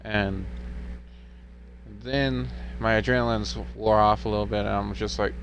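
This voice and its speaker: Slow-talking young man telling a story. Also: fairly low pitch, steady tone, slight background noise. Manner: rambling, laid-back retelling. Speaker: streamer. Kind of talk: casual storytelling to a live stream.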